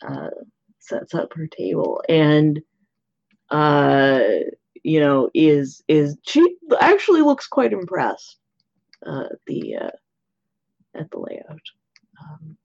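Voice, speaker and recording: A woman's voice: low voice, wildly swooping pitch, slow pace, gravelly, pauses often, a little mellow, no echo. A woman player in a tabletop game, talking half-whispered and hesitantly. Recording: dull lo-fi mic.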